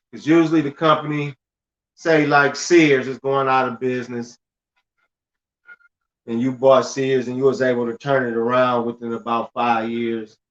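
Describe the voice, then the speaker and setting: Loose-talking man, dull lo-fi sound. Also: mid-range voice. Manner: loose and conversational, stumbles and repeats words, laughs at himself. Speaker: finance channel host. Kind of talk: casual livestream talk reading news aloud.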